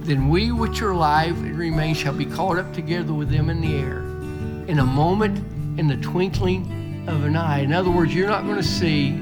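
A man's voice: on the high side, moderate pace, over loud music. A middle-aged man preaching a folksy sermon, often repeating and restarting words. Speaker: pastor. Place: church.

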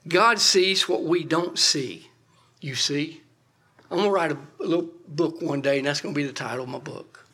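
A man's voice: high-pitched, a bit bright, husky. A man preaching a sermon in a folksy, emphatic way, full of rhetorical questions and asides.

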